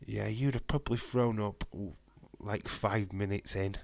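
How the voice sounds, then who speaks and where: A man with a fairly low voice hosts a live stream from home, bantering and joking as he reads out viewer comments. The sound is dry and close, with no room around it. He talks in a loose, casual way. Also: fairly even intonation, a little slow, vocal fry, darkish tone, no echo. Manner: joking banter reading out chat.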